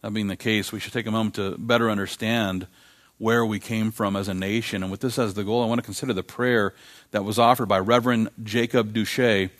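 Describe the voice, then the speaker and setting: A man preaching a sermon as pastor, emphatic, repeating key phrases and slowing down to read quotations aloud. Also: fairly low pitch, steady tone. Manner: frequent fillers and restarts.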